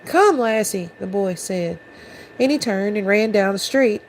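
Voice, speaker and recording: A woman reading a storybook aloud to her viewers at a mid-range pitch. She keeps the narration steady and even, with a faint hiss behind her. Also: measured pace, poor audio. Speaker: channel host reading aloud.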